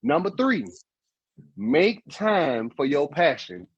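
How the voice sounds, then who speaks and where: A man's voice: a little high, sing-song, slow pace, slightly rough, dry recording, dull audio. A man co-hosting a relationship advice podcast, talking casually and animatedly, with emphatic repeats. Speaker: podcast co-host.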